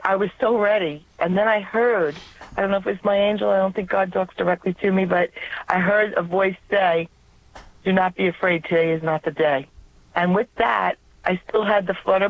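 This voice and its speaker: Over a tinny telephone line, a woman with a medium-pitched voice and a New York accent calls in to a radio show. She earnestly shares a personal faith story, and there's no room sound.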